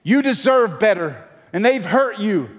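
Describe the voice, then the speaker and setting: A male pastor preaching a sermon to a live congregation, earnest and urging, sometimes hushed and sometimes leading loud proclamations. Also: sits high, big pitch swings, a little slow. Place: church sanctuary. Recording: long church reverb with faint music.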